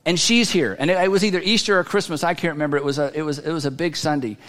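A man preaching a sermon as a pastor, telling a story in a conversational way with halting restarts. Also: fairly high pitch, a bit bright. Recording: long hall reverb.

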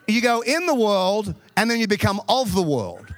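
A man's voice: sits high, animated, normal speed, a bit bright, no echo. A man preaching a sermon to a congregation, telling humorous personal stories. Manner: humorous storytelling, addresses the congregation.

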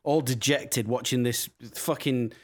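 Brief: male podcast host, mid-pitched, wry plot recapper. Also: fairly even intonation, unhurried. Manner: wry, summarizing plot, swears. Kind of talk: casual film chat.

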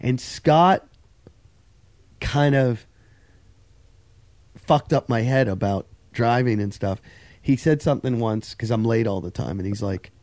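A man's voice: mid-range voice, a little slow, long pauses, darkish tone, no room sound. A middle-aged man on a podcast, chatting casually and telling a story with lots of swearing and quoted dialogue. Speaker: podcast host. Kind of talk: casual chat.

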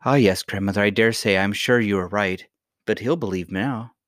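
A man's voice: lowish voice, normal speed, a bit bright, dry recording, studio quality, close to an everyday voice. A man reading a storybook, voicing a young princess, a little girl who talks in an eager, pleading way.

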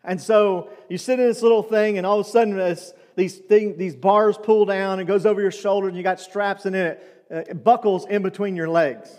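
A man's voice: high-pitched, steady tone, moderate pace, darkish tone, long reverb tail. A man preaching a sermon, telling stories and asking asides of the congregation in a church. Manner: storytelling, conversational with asides to the congregation. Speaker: pastor. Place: church sanctuary.

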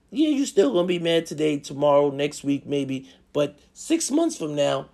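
A man's voice: fairly high pitch, very animated, moderate pace, few pauses, darkish tone. A man giving a profane, pleading comedic rant of relationship advice, preachy and repetitive.

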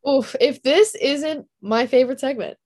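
A woman co-hosting a podcast who teases her co-host with quick, laughing remarks. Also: high-pitched, darkish tone. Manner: teasing, quick-witted, laughing. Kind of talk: casual chat.

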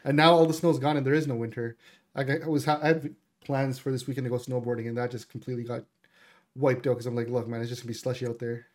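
A man's voice: medium pitch, level tone, fast talker, a little mellow. A man in casual chat among friends, throwing in wry joking asides.

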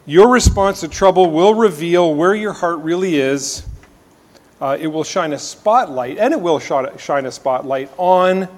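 A man's voice: fairly high pitch, darkish tone. Man preaching in a reverberant hall. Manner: conversational, self-deprecating with frequent fillers and restarts. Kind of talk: sermon.

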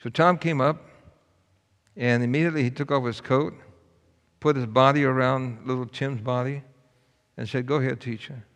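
A man's voice: mid-range voice, steady tone, normal speed, long pauses, fairly bright tone. A man preaching a sermon, telling a story in a folksy, earnest way. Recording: long hall reverb.

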